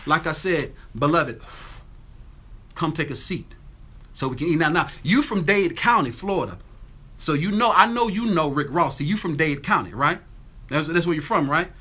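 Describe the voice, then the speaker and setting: Bright-voiced man livestreaming from home. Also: fairly high pitch, expressive, moderate pace, husky. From Atlanta, Georgia. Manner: greets viewers by name, repeats catchphrases. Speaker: livestream host. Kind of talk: casual livestream chat. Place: home with windows open. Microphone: phone.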